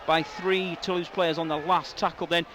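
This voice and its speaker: A man giving live radio commentary on a rugby league match, his voice rising into shouts on attacking plays. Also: fairly high pitch, little pitch movement, normal speed. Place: stadium commentary position. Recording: outdoor stadium with loud crowd and noise.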